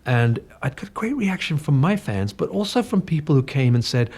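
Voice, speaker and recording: Chatting in a radio studio interview, a guest singer in his sixties from North London shares self-deprecating anecdotes. He has an English accent tinged with Cockney and a bit of northern. His slightly high, darkish voice is very animated and a little breathy, at a moderate pace.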